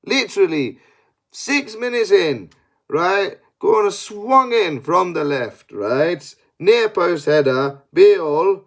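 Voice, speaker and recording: Man, fairly high voice, sweary, exasperated, football fan rant. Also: animated, slow pace. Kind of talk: post-match analysis rant.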